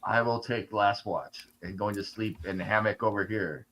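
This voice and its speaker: A man with a bright, forceful voice who plays a tabletop game over a video call. His humor is dry, and he lets his sentences trail off. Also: lowish voice, normal speed, slight background noise, rough recording. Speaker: player.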